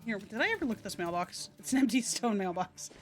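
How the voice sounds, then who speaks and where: A woman's voice: medium pitch, sing-song, fast, soft background music. A woman streaming a video game live, chatting and muttering to herself with a casual, loose delivery.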